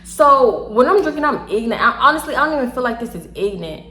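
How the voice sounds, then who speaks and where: Young tipsy Houston woman, animated storyteller, a little high-pitched, echoey room. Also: quick pace. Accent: Southern US, Houston. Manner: animated, laughs often, swears freely, acts out quotes. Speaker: storytime vlogger. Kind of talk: casual storytelling.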